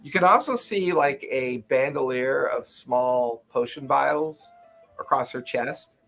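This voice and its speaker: A man narrating a tabletop game, loose and full of fillers. His pitch is middling. Faint music plays behind him. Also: slow pace, gravelly, a bit bright. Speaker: game master.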